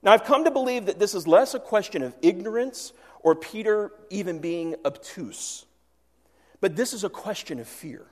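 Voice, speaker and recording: Male pastor, earnest sermon delivery, higher voice, long reverb. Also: animated, moderate pace. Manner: earnest, swings from loud to hushed.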